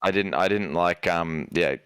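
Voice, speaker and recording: A man's voice: sits low, unhurried, fairly bright tone, clear, resonant tone, no echo. A young Australian man, a podcast guest, giving blunt opinions in an easygoing way with frequent ums. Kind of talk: casual chat.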